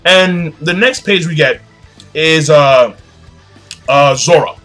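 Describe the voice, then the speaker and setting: A man's voice: fairly high pitch, slow pace, a bit bright, soft background music. A young man casually recapping a comic chapter on his own, profane and slangy, rambling with lots of fillers. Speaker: manga chapter reviewer.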